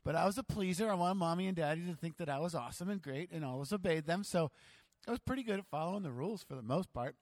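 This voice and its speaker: A man telling a self-mocking childhood story as a sermon to his church, animated and dramatic. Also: a little high, fast talker, no echo.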